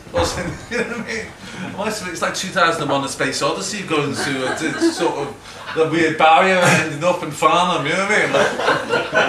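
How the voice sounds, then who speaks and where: Chatty Liverpool man in an echoey hall. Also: fairly high pitch. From Liverpool, England. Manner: chatty, self-mocking, acts out quotes, laughs often. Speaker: guest speaker. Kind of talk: rambling anecdotal talk to an audience. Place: event hall with a live audience. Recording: echoey hall, mic from far off, background noise.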